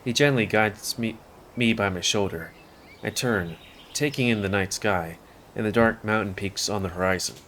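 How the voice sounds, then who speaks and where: A man's voice: fairly low pitch, normal speed, a bit bright, a little hiss or hum. A man casually reading a visual novel aloud in first person, with offhand asides. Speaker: game streamer.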